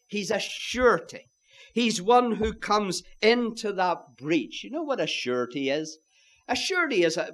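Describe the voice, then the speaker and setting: A man's voice: high voice, fairly bright tone. A man preaching a sermon, emphatic and earnest, often turning to his listeners as "my friends" and posing rhetorical questions.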